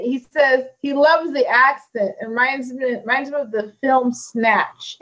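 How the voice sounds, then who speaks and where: An American woman hosting an interview, chatty and quick to laugh, with lots of "you know". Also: high voice, fairly bright tone, low-quality recording. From United States. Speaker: interview host. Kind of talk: casual interview chat.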